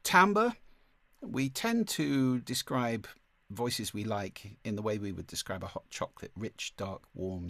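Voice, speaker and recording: A man teaching a masterclass on speaking, with a clear, deliberate delivery and occasional vocal demonstrations. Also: lowish voice, fairly bright tone, dry recording. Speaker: speaking coach. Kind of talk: online masterclass lesson.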